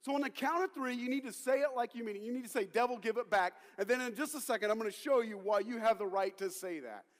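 A man preaching a sermon as pastor, rallying the congregation and calling on them to shout back. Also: extremely high pitch, fast, hardly any pauses. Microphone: handheld or stage mic. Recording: long reverb of a large hall.

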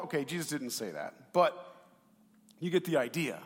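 A man preaching a sermon as pastor, animated and conversational, swinging between loud emphasis and quiet asides and asking the congregation questions. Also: on the high side, moderate pace, pauses often. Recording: long hall reverb.

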